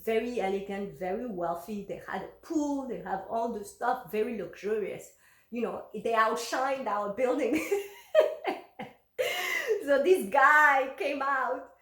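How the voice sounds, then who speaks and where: Chatty woman in an echoey room. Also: fairly high pitch. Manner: chatty, lots of fillers and restarts. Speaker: vlogger. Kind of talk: casual personal storytelling.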